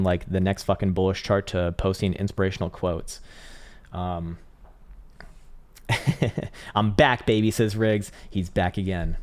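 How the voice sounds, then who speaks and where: A man hosting a live stream, reading chat messages and commenting on trading charts in a casual, laid-back way, swearing often and breaking into loud laughs. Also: low voice. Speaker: livestream crypto trading host.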